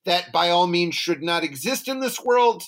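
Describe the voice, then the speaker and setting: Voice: medium pitch, animated, normal speed. A podcast co-host recapping a film in casual, jokey chat, often slipping into mock voices.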